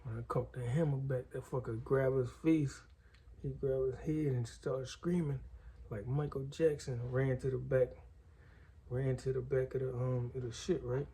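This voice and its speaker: A man's voice: mid-range voice, steady tone, moderate pace, dark tone, slightly rough. A man telling a story in a loose, slangy and profane way. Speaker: guest storyteller. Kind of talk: casual storytelling.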